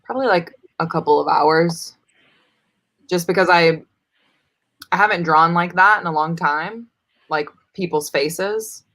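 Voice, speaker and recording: A young woman chatting casually on a reading stream, relaxed and a little halting, giggling now and then. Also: fairly low pitch. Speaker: guest reader on a stream. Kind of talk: casual chat.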